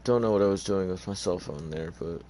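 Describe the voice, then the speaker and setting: A man's voice: low voice, fairly quick, darkish tone, a little hiss or hum. A tired man giving casual, rambling gameplay commentary in an offhand, hesitant way. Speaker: gamer.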